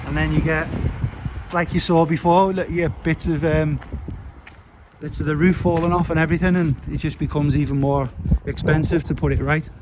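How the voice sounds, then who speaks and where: Chatty man walking outdoors, traffic behind. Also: fairly high pitch. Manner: chatty, rambling, with fillers. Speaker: vlogger. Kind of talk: casual walking vlog narration. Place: outdoors on a street.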